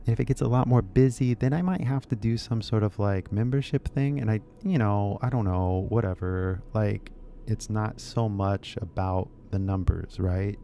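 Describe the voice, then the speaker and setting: A man from California with a Californian accent, musing in a relaxed, rambling way while giving an English lesson. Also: lowish voice, gravelly. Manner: laid-back, musing, drawn-out phrases. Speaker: English teacher. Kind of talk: casual rambling video lesson.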